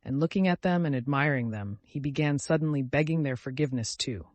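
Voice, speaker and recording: A man's voice: mid-range voice, fairly quick, few pauses, darkish tone, no room sound. Man narrating an audiobook, dry and close. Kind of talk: scripted narration of a classic novel.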